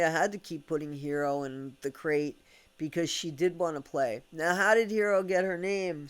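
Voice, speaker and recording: A man's voice: fairly high pitch, clean tone. An American man telling a candid, rambling story at home, swearing casually and laughing between thoughts. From United States. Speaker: vlogger. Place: at home with his dog.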